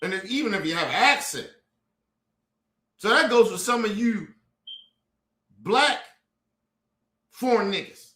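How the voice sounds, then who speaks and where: A high, bright-toned man from the United States rants hard on a live stream. His pitch swings widely as he swears and hammers his points home. The sound rings with room echo. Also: animated, measured pace, long pauses. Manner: profane, fiery and emphatic, lecturing the audience. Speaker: streamer and commentator. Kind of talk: heated streamed commentary rant.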